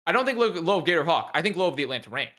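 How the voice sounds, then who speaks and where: A man co-hosting an esports podcast, excitable and joking as he argues his picks. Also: on the high side, racing. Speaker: podcast co-host and esports caster. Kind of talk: casual esports podcast chat.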